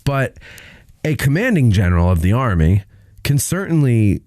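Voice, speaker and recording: A man's voice: mid-range voice, sing-song, moderate pace, darkish tone, dry recording, studio quality. A man hosting a casual podcast discussion, asking questions and correcting himself mid-sentence. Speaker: podcast host. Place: indoor room with others present.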